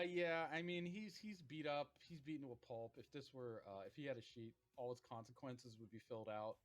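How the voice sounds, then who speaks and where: Man, game master, tabletop game narration, relaxed rambling delivery, mid-pitched voice. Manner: relaxed, rambling, many fillers.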